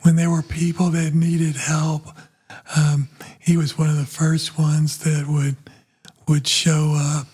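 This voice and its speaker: Soft-spoken male pastor. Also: a little high, monotone, slightly rough. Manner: soft-spoken, halting with frequent ums. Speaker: pastor and podcast co-host. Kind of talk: casual conversation.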